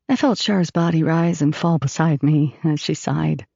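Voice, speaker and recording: A woman narrating an audiobook in first person, expressive and storytelling. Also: low-pitched, moderate pace, vocal fry, few pauses, no room sound, highs cut off.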